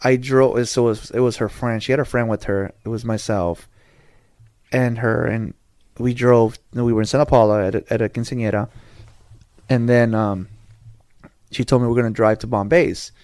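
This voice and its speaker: A man's voice: medium pitch, fairly even intonation, moderate pace, darkish tone, no room sound. Dry-voiced man telling a rambling story. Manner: rambling, slangy, lots of restarts. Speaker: podcast host. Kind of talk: casual storytelling chat.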